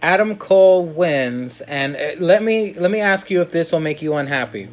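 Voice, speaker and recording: A man's voice: a little high, lively intonation, normal speed. A man hosting a casual podcast, teasing his guest and posing questions. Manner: playful, teasing, asks questions. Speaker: podcast host.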